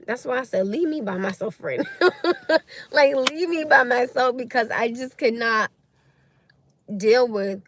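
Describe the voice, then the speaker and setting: A woman's voice: fairly high pitch, expressive, measured pace, pauses often. Blunt young woman on a livestream. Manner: blunt, opinionated, reacting to viewer comments. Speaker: livestream host. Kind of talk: casual livestream chat. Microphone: phone or webcam livestream.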